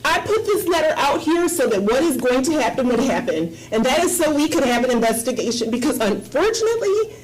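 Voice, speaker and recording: A woman's voice: sits high, very animated, brisk, poor audio. A woman speaking as a university board trustee, making an impassioned, emphatic statement at a board meeting and repeating her points for effect. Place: meeting room.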